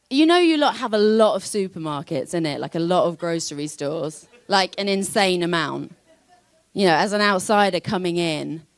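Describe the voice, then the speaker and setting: A young woman from London, speaking with a London English accent, performs a wry, self-deprecating stand-up comedy set. Her voice is mid-range, and there's no room sound in the recording.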